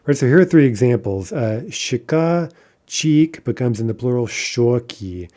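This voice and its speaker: A middle-aged male teacher walks through a recorded grammar lesson, his voice mellow and warm. He explains patiently and slows down to pronounce each example word. He keeps checking in with a quick "right?". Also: medium pitch, animated. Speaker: language teacher.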